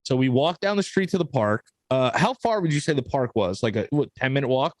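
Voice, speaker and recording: A young man co-hosting a podcast, telling family stories in a loose, animated way, acting out quotes and swearing casually. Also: mid-range voice, fairly quick, dry recording. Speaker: podcast co-host. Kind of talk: casual storytelling chat.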